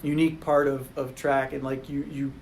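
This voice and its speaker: A man's voice: mid-range voice, level tone, moderate pace, slight background noise, rough recording. A man talking casually on a podcast about college track, rambling with restarts.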